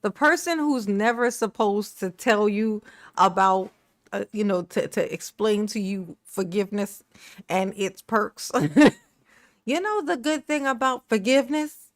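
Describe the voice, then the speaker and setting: A woman's voice: medium pitch, measured pace, no room sound. Sarcastic woman mocking a courtroom speech. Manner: mocking, laughing asides, slangy. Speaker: commentary YouTuber. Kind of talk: sarcastic reaction commentary.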